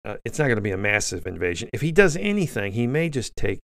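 Gravelly-voiced man ranting through headlines. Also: fairly low pitch, very animated, quick pace, a bit bright, no echo, clean studio sound. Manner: blunt, indignant, rambling with frequent restarts. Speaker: host. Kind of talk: opinionated news commentary monologue.

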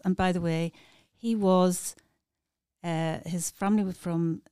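A woman, a community volunteer, reading a humorous poem aloud with chatty asides and lively emphasis. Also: lowish voice, unhurried, long pauses, clear, resonant tone, no room sound, studio quality. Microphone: studio microphone.

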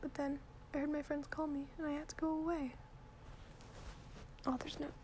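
Woman, soft unvoiced whisper, deadpan, whispered ASMR reading, high voice, faint background hiss. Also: normal speed, long pauses.

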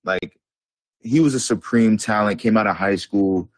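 A young man with a very low voice talks basketball on a podcast. He rambles casually, leans on slang and fillers, and sounds close and dry. There is little room sound around him. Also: moderate pace, no room sound. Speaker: podcast co-host. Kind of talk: casual sports chat.

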